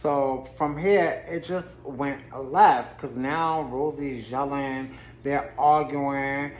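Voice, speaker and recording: A woman's voice: a bass voice, slow, reverberant, poor audio. A woman giving a casual, sassy recap of a reality TV episode with her own commentary, laughing often as she tells it. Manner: sassy, expressive storyteller who laughs often.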